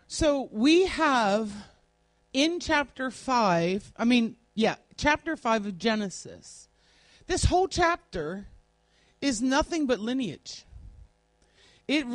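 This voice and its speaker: A woman teaching a Bible class in a classroom, deliberately spelling out word meanings one at a time while she writes on a board. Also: fairly high pitch, no room sound.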